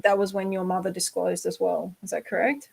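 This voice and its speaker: A woman's voice: fairly low pitch, level tone, fairly quick, gravelly, darkish tone, breathy edge, low-quality recording. An Australian woman hosting a podcast interview, speaking earnestly and reassuringly, with casual swearing for emphasis. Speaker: podcast host.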